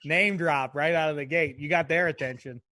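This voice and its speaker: A man co-hosting a podcast in casual chat, reacting with laughter and slow, wry asides. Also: fairly high pitch, pushed and bright, no room sound. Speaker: podcast co-host.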